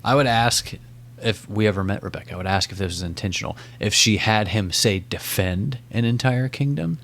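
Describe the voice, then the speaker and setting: Male co-host, lower voice, reflective and searching. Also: moderate pace, vocal fry, fairly bright tone. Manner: thoughtful, hesitant, rephrases himself. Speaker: podcast co-host. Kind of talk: casual book club chat.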